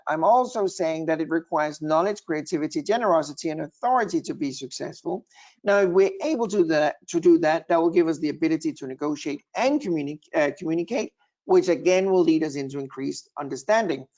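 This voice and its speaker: A man's voice: fairly high pitch, brisk, darkish tone. Man explaining slides on a dull line. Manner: explanatory, builds points in lists. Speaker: guest negotiation expert. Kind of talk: presenting slides on a webinar.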